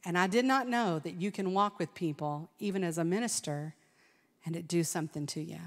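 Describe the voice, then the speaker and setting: A middle-aged woman telling a personal testimony at a conference, lively and storytelling, acting out what people said. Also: on the low side, a little fast. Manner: animated storytelling with laughs and acted-out quotes. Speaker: conference speaker. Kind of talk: testimony sermon. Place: large church hall. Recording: long hall reverb.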